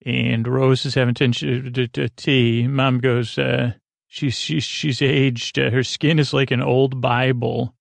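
A man recapping a TV episode in a halting, rambling way, full of fillers and restarts, speaking softly. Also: medium pitch, little pitch movement, vocal fry, no echo. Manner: halting, many fillers and restarts, paraphrasing dialogue. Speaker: podcast host.

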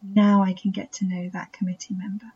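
A woman podcast host with a self-taught English accent, speaking in a soft, reflective monologue that keeps slipping into near-whispers. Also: mid-range voice, little pitch movement, fairly quick, slightly rough. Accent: self-taught English accent that drifts toward American. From England. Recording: dull, muffled recording.

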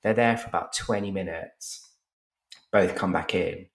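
Low gravelly man telling a story. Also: measured pace. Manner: animated storyteller acting out quotes. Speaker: podcast guest telling a story. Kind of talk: casual anecdote.

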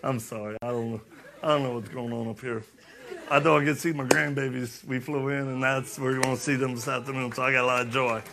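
A middle-aged man giving a sermon-style talk, joking and animated, then urgent and challenging. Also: medium pitch, fairly quick, background noise. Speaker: speaker.

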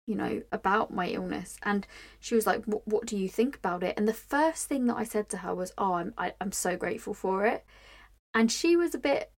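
A young woman hosting her own podcast, talking candidly and with feeling about her life, with frequent "like" fillers and restarts. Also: mid-range voice. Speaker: podcast host. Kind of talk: personal reflective monologue.

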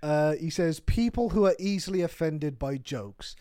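A man's voice: on the high side, expressive, normal speed, dark tone, no room sound, clean studio sound. A man in his twenties co-hosting a podcast, chatting casually, laughing often and joking at his own expense. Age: 20s. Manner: laughs often, rambling and self-mocking. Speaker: podcast co-host.

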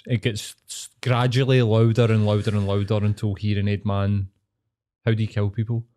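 A man's voice: fairly low pitch, flat delivery, normal speed, dark tone. A young man with a Glaswegian accent, co-hosting a podcast with sweary, joking banter. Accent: Scottish, Glaswegian. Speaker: podcast co-host. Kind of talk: casual chat.

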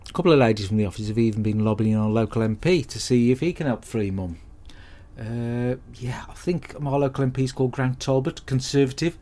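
Hapless crude bloke, played by a man, deadpan rambling monologue. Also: mid-range voice, fairly quick, lightly acted. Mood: grumbling. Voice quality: deadpan, sweary, rambling storyteller. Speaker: comedy podcast character host. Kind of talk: scripted comic monologue.

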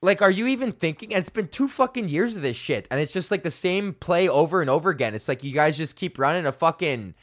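A man's voice: fairly high pitch, animated, fast, few pauses. A young man, a stand-up comedian, ranting casually and sarcastically, swearing often and sounding exasperated. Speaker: podcast host and stand-up comedian.

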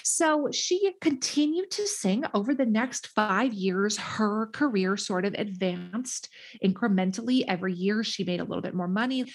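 A woman host telling a story in casual chat, animated and quick to laugh, acting out what people said. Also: medium pitch. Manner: animated, laughing, acts out quotes in voices. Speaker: podcast host.

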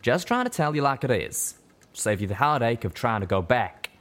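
A man voicing a gruff, blunt cowboy pegasus stallion with a folksy drawl. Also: medium pitch, very animated, normal speed, a bit bright, pitched above the performer's own voice. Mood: steady.

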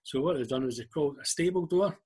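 A man's voice: a little high, fast, darkish tone, husky. An older man with a Scottish accent tells anecdotes in a casual interview and acts out the voices of the people in his stories. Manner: anecdotal, acts out quoted dialogue. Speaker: guest, former club liaison officer.

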